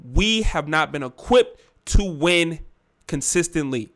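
A man's voice: a little high, expressive, takes it slowly, a bit bright, full character voice. A man voicing a frustrated male star player who heatedly insists on winning.

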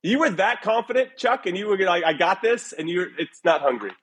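A podcast host with a fairly high, bright, slightly rough voice talks briskly and expressively while hosting a casual soccer podcast away from his usual recording spot. Upbeat and playful, he runs a word quiz with his co-hosts over a video call, bantering like a quizmaster.

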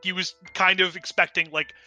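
Male player, thinking aloud, lots of fillers, very bright and fairly high voice. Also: flat delivery, moderate pace, highs cut off, soft background music. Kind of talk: casual role-play description.

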